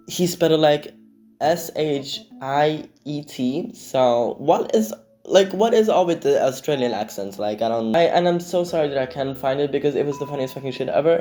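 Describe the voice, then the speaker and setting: A man's voice: medium pitch, warm tone. A teenage boy, sarcastically reading and answering comments in a casual commentary, swearing often. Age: teens. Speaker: YouTube commentator.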